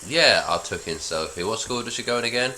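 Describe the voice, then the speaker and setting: A man's voice: fairly low pitch, animated, brisk, sharp tone, slight background noise, pitched above the performer's own voice. A man reading the lines of a flippant, reckless middle-aged dad, in an offhand manner. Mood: bluffing.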